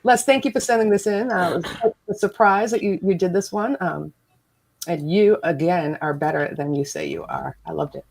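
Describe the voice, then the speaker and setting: A woman's voice: lowish voice, moderate pace, gravelly, a little mellow. Chatty woman hosting a livestream. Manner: chatty, laughs often, thanks viewers. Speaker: livestream host. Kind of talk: casual livestream chat.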